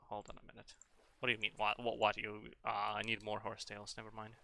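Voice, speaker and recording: A man's voice: on the low side, monotone, fast, gravelly, sharp tone. A man streaming a game and chatting casually in a rambling, sweary, joking way. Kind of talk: casual chat while gaming.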